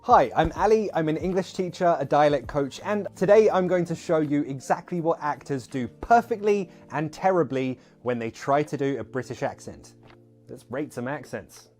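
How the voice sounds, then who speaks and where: A man's voice: on the high side, moderate pace, darkish tone, faint music behind. A man who is an English teacher and dialect coach, presenting an online video in an upbeat, explanatory way.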